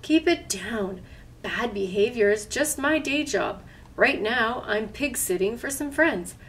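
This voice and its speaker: Woman doing a hushed, impatient storybook wolf. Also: on the high side, lively intonation, measured pace. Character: gruff male wolf babysitting piglets.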